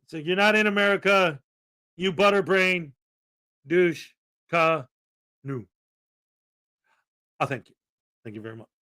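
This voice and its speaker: Loud, playful, high-voiced male streamer. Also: expressive, brisk, clean tone. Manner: loud, playful, jokey, often shouting. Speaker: show host. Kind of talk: casual livestream chat.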